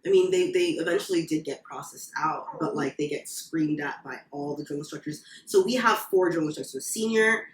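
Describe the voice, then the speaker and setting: Laughing woman, low voice, echoey room. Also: fairly quick, hardly any pauses, recorded from a distance, a little hiss or hum. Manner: laughs often while telling stories. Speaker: former Marine guest. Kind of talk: casual podcast chat. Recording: roomy echo, off-mic, faint ambience.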